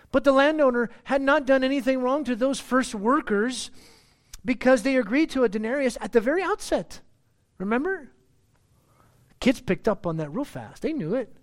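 A man preaching a sermon in a conversational way, often repeating words and restarting, then rising in pitch and loudness to stress a point. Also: animated, moderate pace, pauses often. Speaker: pastor.

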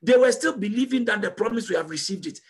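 A man preaching a sermon as pastor, emphatic and repetitive, building to loud call-and-response peaks. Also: sits high, lively intonation, quick pace, husky.

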